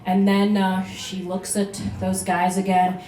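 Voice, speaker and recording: Woman, mid-pitched, telling a personal story onstage in a chatty, halting way; echoey room. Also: monotone, dark tone. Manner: conversational, many fillers and restarts. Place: live venue, beach bar room.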